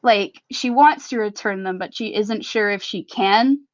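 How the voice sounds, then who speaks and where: A woman's voice: mid-range voice, a little slow, slight background noise. Giggly woman running a tabletop game. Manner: giggly, casual with many fillers. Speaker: game master. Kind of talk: narrating a tabletop role-play. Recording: slightly muffled recording.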